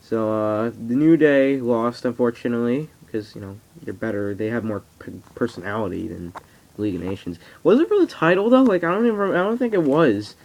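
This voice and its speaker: A teenage boy rambles excitably in a casual home vlog, swearing freely as he talks. His voice sits at an ordinary pitch for a young man. The recording sounds a little dull and lo-fi. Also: a little fast. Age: teens. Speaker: vlogger. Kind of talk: casual wrestling reaction vlog. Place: at home on camera.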